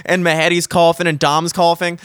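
A young man in casual chat, telling a profane, animated story and mimicking the people in it. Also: on the high side, moderate pace, clean tone, no echo.

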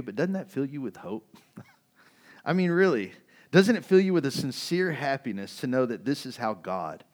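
In a sermon with an informal, talky tone, a male pastor lets out frequent laughs. He ranges widely, from booming, excited bursts to quiet, low-key passages.

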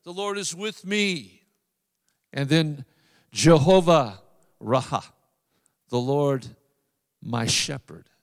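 High-voiced preacher in a reverberant hall. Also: male voice. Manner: emphatic preaching, drawn-out phrases and repetitions. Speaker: pastor. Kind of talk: sermon.

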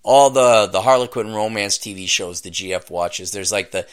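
A man hosting a podcast, ranting scornfully and profanely at an article he reads aloud, often bursting into shouting. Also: lowish voice, steady tone, moderate pace, clean tone. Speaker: podcast host. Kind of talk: comedic rant reacting to a read-aloud article.

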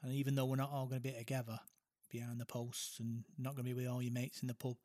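A man's voice: medium pitch, little pitch movement, fast, no room sound. A man, co-hosting a casual chat, talking hesitantly and reflectively. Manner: hesitant, reflective, soft-spoken. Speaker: podcast co-host.

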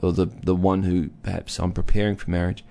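A man's voice: sits low, little pitch movement, fairly quick, vocal fry, mellow. A man who counsels couples, explaining listening through an everyday story, acting out both partners as he goes. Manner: storytelling, acts out husband and wife. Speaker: relationship counsellor. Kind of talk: casual teaching talk with a co-host.

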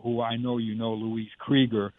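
Matter-of-fact director on a phone line. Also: male voice, medium pitch, flat delivery, normal speed, no echo. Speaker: theater director. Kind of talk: casual interview. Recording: tinny phone-like line, dry.

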